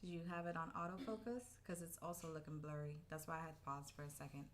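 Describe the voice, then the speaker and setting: A woman's voice: low voice, steady tone, fast. A woman co-hosting a casual podcast with her husband, telling a story in a chatty, laughing way. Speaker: podcast co-host. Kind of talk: casual couple's podcast chat.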